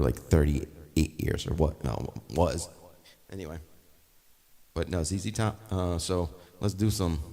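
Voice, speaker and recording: Low-voiced man chatting, rambling. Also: mellow. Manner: rambling, offhand. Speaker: musician taking requests. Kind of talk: casual livestream chat. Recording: long reverb, faint guitar behind.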